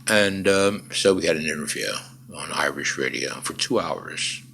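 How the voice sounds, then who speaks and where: Deep, gravelly older man telling stories. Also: a little slow, bright, forceful tone. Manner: emphatic, dry humor, frequent "uh" fillers. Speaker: interview guest. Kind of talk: conversational storytelling.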